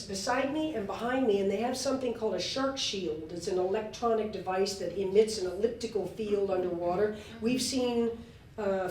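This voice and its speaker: A woman in her sixties, a guest telling stories at a live talk, animated and laughing, with fillers and restarts. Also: mid-range voice, a little hiss or hum. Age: 60s. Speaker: interview guest. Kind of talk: lively storytelling on stage. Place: live event hall. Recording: echoey room, voice from far off.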